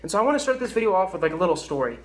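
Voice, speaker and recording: High-voiced earnest young man rambling. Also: sing-song, racing. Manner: earnest, rambling, heavy use of "like". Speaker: vlogger. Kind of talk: casual self-help talk to camera.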